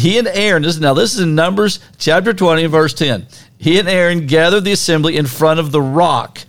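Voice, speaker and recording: A man co-hosting a podcast, telling a Bible story in a casual, animated way and acting out scenes with sound effects. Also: a little high. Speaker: podcast co-host. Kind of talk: casual conversational Bible teaching.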